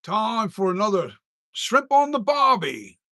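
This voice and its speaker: A man's voice: high-pitched, sing-song, a little slow, sharp tone, dry recording, studio quality, voice pushed up, full character voice. A man doing an Aussie bloke saying g'day. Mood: jokey. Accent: Australian (imitated). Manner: repeating the greeting, searching for it. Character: friendly Australian bloke greeting his mate.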